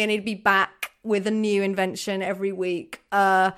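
A woman in her thirties co-hosting an improvised comedy chat, animated and laughing often. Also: mid-range voice, normal speed, smooth. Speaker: co-host.

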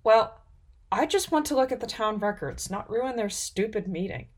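A woman voicing a young dragon in human form, sharp and sarcastic. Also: medium pitch, expressive, normal speed, pitched above the performer's own voice, natural voice. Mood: defiant. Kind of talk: storybook character voice.

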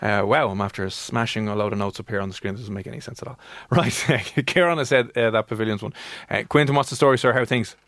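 A man's voice: fairly low pitch, fast, a bit bright, no room sound. An Irish man hosting a casual radio show, teasing and joking with his co-host and a caller.

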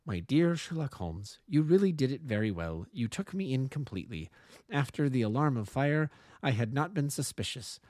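Teasing, poised young actress, lively lilt, read by a man. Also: medium pitch, no room sound, studio quality, lightly acted. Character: sly, poised young actress writing a farewell letter.

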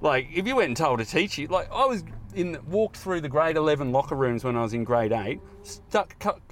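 A lively, animated Australian man in his fifties telling stories with a lot of swearing, jumping into other people's voices as he goes. His voice sits a bit high for a man, and there's a faint hum of ambience behind him. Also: brisk. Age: 50s. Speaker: comedian guest. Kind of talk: casual chat. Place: car park.

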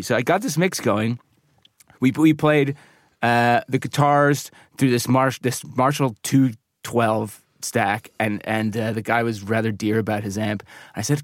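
A man's voice: medium pitch, dry recording. Rambling man, dry close sound. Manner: rambling anecdotes with laughs and restarts. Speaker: recording and mixing engineer, guest. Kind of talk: casual interview chat.

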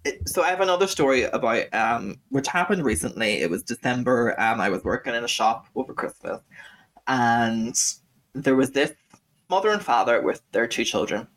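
A man's voice: mid-range voice, expressive, normal speed, a bit bright. Ranting sweary Scouse man. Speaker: podcast co-host. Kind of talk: casual podcast chat.

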